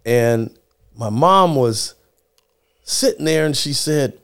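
A man's voice: medium pitch, takes it slowly, creaky, clean tone. A middle-aged man telling a story from his childhood in a casual chat, acting out the people in it with changing voices. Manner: animated storyteller acting out quotes in shifting voices. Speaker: guest, former child actor.

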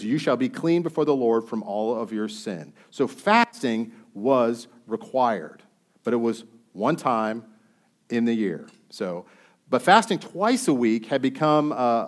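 A man preaching a sermon. He reads scripture aloud and puts questions to his listeners in a conversational way. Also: mid-range voice.

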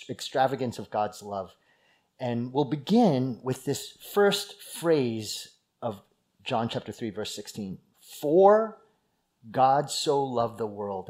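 A man's voice: medium pitch, a little mellow. Man preaching in a conversational way. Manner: conversational teaching, emphatic on key words. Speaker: pastor. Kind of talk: sermon.

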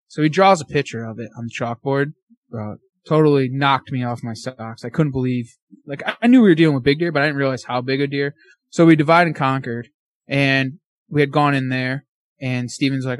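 A man telling a hunting story as a podcast guest, animated, acting out his own and his friend's words. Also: medium pitch, fairly quick, no echo.

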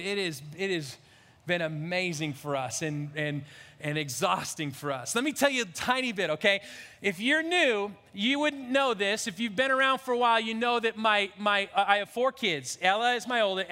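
A man in his fifties preaching a sermon as a pastor, animated and emotional, often restarting his sentences. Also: high voice, in a large hall. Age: 50s.

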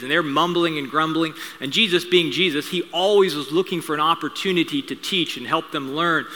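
A man's voice: fairly high pitch, brisk, hardly any pauses, sharp tone. A man preaching a sermon as pastor, telling stories in a conversational way with joking asides. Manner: conversational storytelling with asides and humor. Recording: reverberant hall sound.

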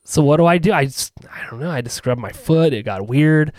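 A man's voice: fairly high pitch, expressive, a little fast, darkish tone, no echo, studio quality. A man telling a long rambling anecdote in casual podcast chat, full of asides and restarts. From rural US.

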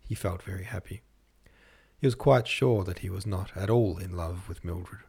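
A man reading a classic novel aloud as a podcast host, in measured literary narration. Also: sits low, creaky, darkish tone, slightly rough. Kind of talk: scripted narration.

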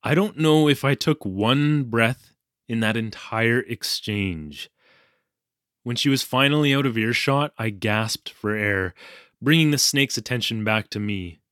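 A man's voice: medium pitch, measured pace, fairly bright tone, no room sound, clean studio sound, natural voice. An actor playing a flustered young male English teacher in Japan, telling his ordeal in a wry, self-deprecating way. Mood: recounting. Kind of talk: audio drama storytelling narration.

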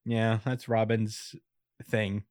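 A man's voice: on the low side, little pitch movement, slow pace, a little mellow, dry recording, clean studio sound. A man in casual chat recapping an anime episode, laid-back and chuckly, with lots of fillers.

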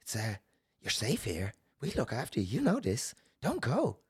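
An Irish man voicing coaxing, possessive dark demon spirits in a pleading, repetitive way. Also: mid-range voice, huge pitch swings, normal speed, slightly rough, voice pushed up, full character voice.

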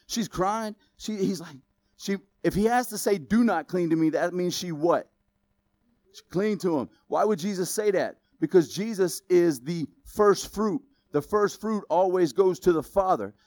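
A pastor preaches a sermon in a casual, conversational style that builds up to loud exclamations. His voice sits high, and there's no room sound.

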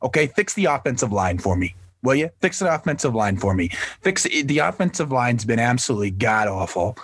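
A man's voice: mid-range voice, big pitch swings, brisk, breathy edge, dry recording. A man hosting a podcast, debating sports with friends in an emphatic, ranting way and hammering points over and over. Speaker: podcast host.

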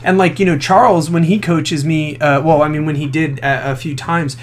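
A man co-hosting a casual podcast chat, telling lively stories and slipping into quick impressions of people. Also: a little high. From Florida. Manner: animated storyteller, slips into impressions of people. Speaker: podcast co-host.

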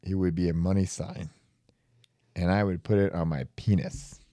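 A man guest joking around in a casual chat, halting and restarting. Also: low-pitched, fairly even intonation, dark tone, dry recording, clean studio sound. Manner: jokey, halting.

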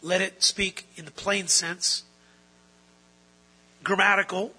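A male pastor delivers an emphatic sermon, repeating his key phrases for weight. His voice sits high and sounds forceful and sharp, with a husky edge. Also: flat delivery, takes it slowly, low-quality recording.

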